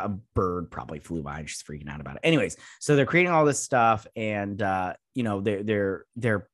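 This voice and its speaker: A man talks through a TV episode in a loose, rambling recap, blunt and quick to swear. His voice sits at an ordinary pitch and is recorded dry, with no room echo. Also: fairly bright tone. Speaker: show host reviewing a TV episode. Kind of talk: casual recap and review. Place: at home with a dog nearby.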